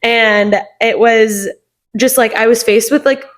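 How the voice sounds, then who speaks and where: A woman's voice: a little high, fairly even intonation, unhurried. A young woman, a guest on a faith podcast, telling a personal story and often quoting herself and others. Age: young adult. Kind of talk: casual faith podcast chat.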